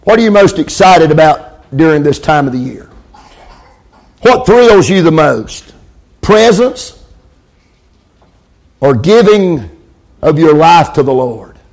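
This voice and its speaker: A man's voice: on the high side, big pitch swings, slow, long pauses, a little mellow. A man preaching a sermon, calling for amens and repeating lines for emphasis.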